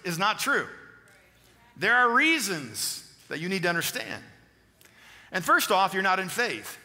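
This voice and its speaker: A man preaching a sermon, reading long scripture passages aloud and checking in with quick questions to the congregation. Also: on the high side, lively intonation, sharp tone. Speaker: pastor. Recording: long hall reverb.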